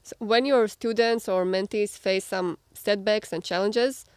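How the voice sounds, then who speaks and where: A woman podcast host who asks thoughtful interview questions in a measured, slightly halting way. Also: medium pitch, darkish tone, clean tone, no echo.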